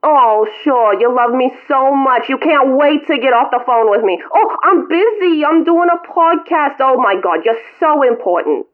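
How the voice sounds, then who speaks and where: A woman's voice: high-pitched, lively intonation, moderate pace, hardly any pauses, pitched above the performer's own voice. A woman voicing a guilt-tripping elderly mother calling her son, melodramatic and self-pitying, over a tinny phone line. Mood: bitter.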